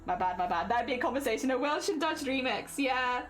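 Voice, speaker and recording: Crafting at home, this young woman from Britain streams casually, giggling and chatting with viewers. She speaks a little fast in a high-pitched, animated voice.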